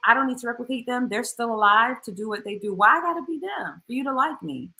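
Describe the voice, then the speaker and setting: Woman vocal coach, casual livestream Q&A, bright tone, lively and slangy. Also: brisk, hardly any pauses. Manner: chatty and animated, drops into slangy asides; voice jumps much higher in playful bursts. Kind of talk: casual livestream Q&A, reading viewer comments.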